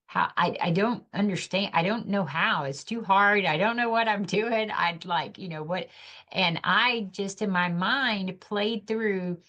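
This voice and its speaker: A middle-aged woman with a low, gravelly voice tells her own story of loss on a podcast. She speaks earnestly and reflectively, her voice full of feeling. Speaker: podcast guest. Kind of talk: personal storytelling.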